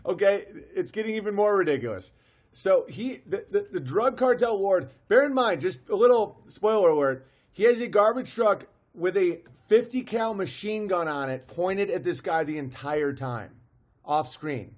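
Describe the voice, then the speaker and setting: A man's voice: high-pitched, lively intonation, normal speed, darkish tone. A man streaming live, commenting on a video with amused disbelief, often restarting his sentences. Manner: amused, incredulous, restarts and laughs.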